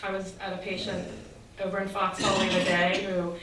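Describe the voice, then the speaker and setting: A woman's voice: mid-range voice, flat delivery, fairly quick, fairly bright tone, slight background noise. A woman gives an earnest, reflective talk in the manner of a sermon, turning often to rhetorical questions. Her voice carries through a very roomy, echoing space and is picked up from some distance. Faint ambience hangs behind her. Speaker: speaker giving a faith reflection.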